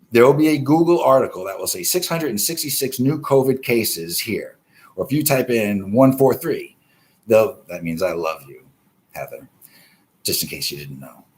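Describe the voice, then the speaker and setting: A man hosting a live stream, chatting casually about the news in a rambling, heavily profane way. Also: mid-range voice. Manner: profane, rambling, swears constantly.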